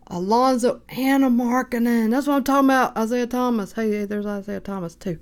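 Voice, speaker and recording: A woman hosting a card break, calmly reading out player names and getting excited at good pulls. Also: medium pitch. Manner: unhurried, reads names aloud, bursts of excitement. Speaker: card shop host opening packs. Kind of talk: casual card-breaking commentary.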